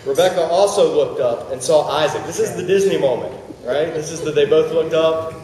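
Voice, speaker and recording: A man's voice: fairly high pitch, fairly quick, a crowd in the background. A man teaching a casual Bible study to a group, conversational, with joking asides and questions for the class. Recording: roomy distant recording with long reverb.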